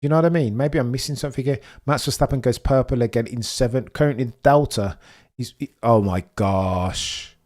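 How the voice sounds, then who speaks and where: A young man hosting a live race watch-along stream, chatting with viewers and reacting excitedly as the race unfolds. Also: medium pitch, fast talker. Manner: excitable, chatty, reads chat messages, swings from muttering to excited shouting.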